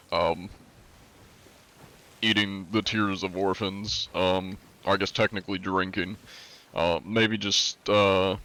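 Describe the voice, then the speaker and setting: A man with a very deep, low voice talks casually to his live-stream chat. He rambles through wry, joking answers and banters with his viewers. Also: pushed and bright. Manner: says he is often compared to a deep-voiced narrator.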